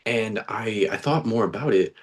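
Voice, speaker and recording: Low-voiced young man, chatty and earnest. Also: normal speed. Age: young adult. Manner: chatty and earnest, many restarts, slangy with "dude" and "bro". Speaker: guest, actor. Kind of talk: casual interview storytelling.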